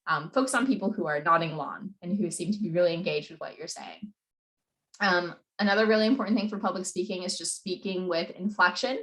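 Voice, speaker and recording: A young woman coaching on public speaking in a casual talk, speaking quickly with many fillers. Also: on the low side, a bit bright. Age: young adult. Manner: fast-talking, many "like" and "you know" fillers.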